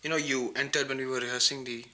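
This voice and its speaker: Cocky flirtatious Indian film star. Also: male voice, mid-range voice, flat delivery, fast, pushed and bright, slight background noise. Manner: breezy, mixes Hindi into English, chuckles. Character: cocky male film actor, flirtatious and boastful. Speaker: actor. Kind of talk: 1990s TV drama acting.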